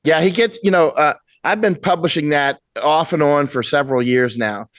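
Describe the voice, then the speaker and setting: A man's voice: on the high side, moderate pace, fairly bright tone, no room sound. A man in his sixties, a guest in a casual interview, talking bluntly and emphatically at home. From United States. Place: at home with a cat.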